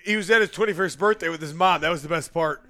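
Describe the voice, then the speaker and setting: A man's voice: a little high, fast, sharp tone, dry recording. A man hosting a podcast, giggling and breaking into laughter as he talks. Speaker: podcast host. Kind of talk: casual chat.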